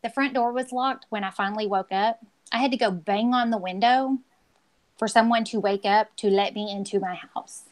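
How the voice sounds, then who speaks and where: A woman's voice: a little high, moderate pace, low-quality recording. A woman talks casually as a show co-host. She is blunt and a bit confrontational, and she acts out scenes while telling them. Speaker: podcast co-host. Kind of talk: casual chat.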